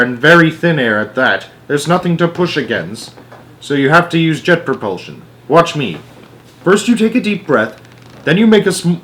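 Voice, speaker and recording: A man voicing an eccentric, excitable male chocolatier who pilots a flying elevator, talking briskly and theatrically. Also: medium pitch, close to an everyday voice.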